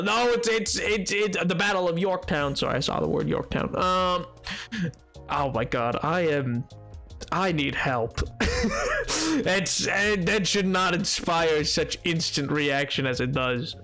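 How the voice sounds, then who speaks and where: A young man streaming a game, chatting casually, joking and rambling, and greeting viewers with excited shouts as he reads chat. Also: on the high side, measured pace, soft background music. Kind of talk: casual livestream chat, reading chat aloud.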